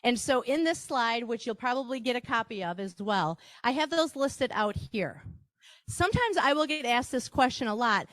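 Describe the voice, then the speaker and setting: A woman's voice: a little high, expressive, moderate pace, fairly bright tone, dry recording, clean studio sound. A woman with a Wisconsin accent giving a live workshop presentation, chatty, with asides and rhetorical questions to the audience.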